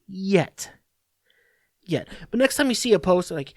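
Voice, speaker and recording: A man hosting a podcast, ranting alone in a profane, exasperated way with halting restarts. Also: sits high, sing-song, no room sound, clean studio sound. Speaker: podcast host. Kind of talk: solo comedic rant.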